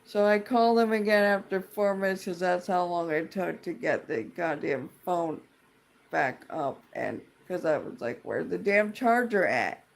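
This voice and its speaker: A woman's voice: lowish voice, moderate pace, creaky. Profane, rambling woman ranting. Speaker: tenant venting about a dispute. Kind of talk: casual ranting vlog.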